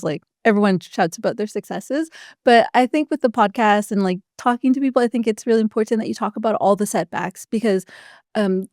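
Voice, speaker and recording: Chatty woman with a mellow, dry voice. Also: medium pitch, no room sound. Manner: chatty, quick, lots of likes and quoted dialogue. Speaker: podcast guest. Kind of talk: casual interview chat.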